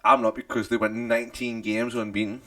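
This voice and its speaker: A man's voice: medium pitch, flat delivery, brisk, sharp tone. A man from North East England, co-hosting a podcast in casual, sweary banter. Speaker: podcast co-host. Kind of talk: casual chat.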